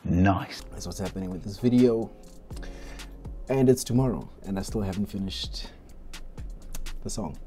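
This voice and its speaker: Deep-voiced South African man rambling. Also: unhurried, pauses often, warm tone. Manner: rambling, candid and self-deprecating. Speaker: independent hip hop artist. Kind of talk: casual vlog chat. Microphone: cell phone. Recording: music playing in the background.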